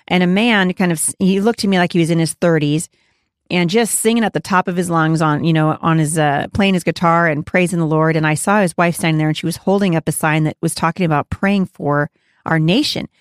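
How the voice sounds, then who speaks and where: A woman's voice: no echo, studio quality. Earnest woman teaching the Bible. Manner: earnest, rises in pitch when preaching. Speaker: Bible study host. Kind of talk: devotional teaching talk.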